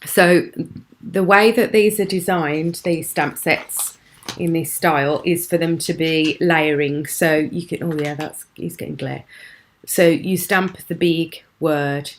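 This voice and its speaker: A British woman hosts a live craft show from her home, chatting with viewers and admiring their work. She laughs often. Her voice sits somewhat low for a woman, with a faint background hiss. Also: steady tone, slow pace. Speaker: craft channel host.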